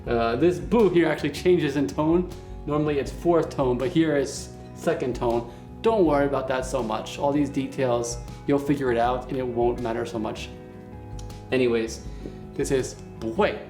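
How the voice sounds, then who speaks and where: A man giving a casual video lesson as a language teacher, patiently explaining and repeating words slowly for learners. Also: medium pitch, darkish tone. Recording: echoey room with faint music.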